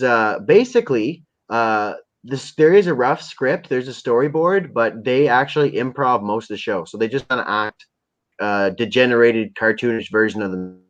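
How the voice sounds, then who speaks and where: A man's voice: mid-range voice, dull audio. A man hosting a livestream in rambling, profane casual chat. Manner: rambling and profane, with many fillers. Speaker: livestream host.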